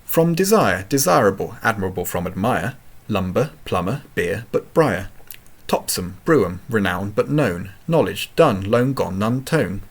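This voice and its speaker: Male reader, slow deliberate recitation, gravelly, animated pitch. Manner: slow, carefully enunciated, lively pitch. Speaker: poetry reader.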